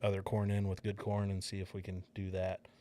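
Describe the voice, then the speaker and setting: A man's voice: low voice, monotone, fairly quick, mellow. A young adult man co-hosting a podcast, telling stories in a laid-back way with lots of ums and swearing. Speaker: podcast co-host. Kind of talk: casual chat. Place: indoor studio.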